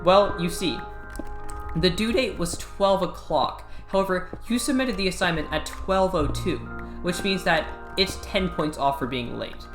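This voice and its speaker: Smug condescending lady teacher, teen boy mocking her, raised pitch, echoey room. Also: a bit bright. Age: teens. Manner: condescending, drawn-out. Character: condescending female teacher, middle-aged, smug. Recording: echoey room, faint music.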